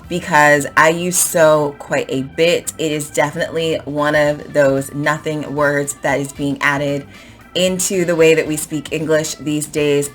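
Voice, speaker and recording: A woman with a low-pitched voice teaches an English lesson, stressing words and repeating phrases to show how tone changes. Soft music plays faintly behind her. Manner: animated, emphatic, repeats phrases to model intonation. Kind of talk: explaining to camera in a lesson.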